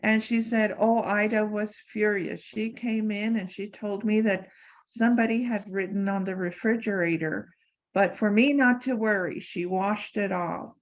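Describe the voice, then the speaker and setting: A woman's voice: mid-range voice, normal speed, low-quality recording. An older woman answering audience questions, telling personal stories with frequent fillers and restarts. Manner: warm anecdotal, many fillers and restarts. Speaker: former assistant sharing memories. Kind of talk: lecture Q&A storytelling.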